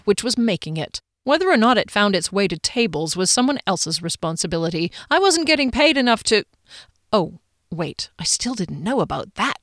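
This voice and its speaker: A woman narrates a first-person audiobook in an expressive, bubbly style, her pitch jumping up on excited lines. The sound is clean studio quality with no echo.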